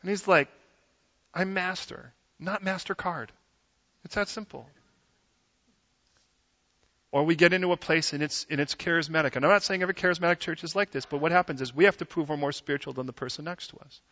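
Male pastor, high bright voice, casual animated sermon, muffled recording with long hall echo. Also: fast talker. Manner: animated, conversational preaching with acted-out quotes. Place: church sanctuary. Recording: dull sound with long hall reverb.

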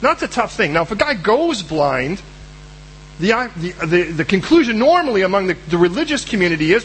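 A man preaching a sermon, acting out both sides of conversations with God in lively voices. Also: high-pitched, fairly quick, slight background noise, rough recording. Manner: animated, acts out both sides of dialogues with God.

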